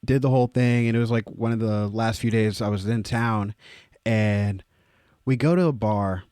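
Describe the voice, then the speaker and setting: A young man co-hosting a podcast, telling casual stories with lots of swearing and sudden high, exclaimed quotes. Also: normal speed, a little mellow, clean tone, dry recording, clean studio sound. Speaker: podcast co-host. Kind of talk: casual storytelling.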